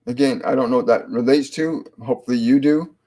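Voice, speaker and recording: During a live psychic reading, the male host delivers spirit messages with a steady calm, though he keeps restarting sentences and using fillers. His voice is mid-range.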